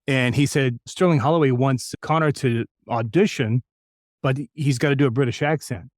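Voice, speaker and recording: A man's voice: mid-range voice, normal speed, no echo, clean studio sound. An older man from New Mexico, a voice actor telling career stories in an interview, anecdotal and self-deprecating. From New Mexico, United States. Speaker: voice actor guest. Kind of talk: storytelling interview.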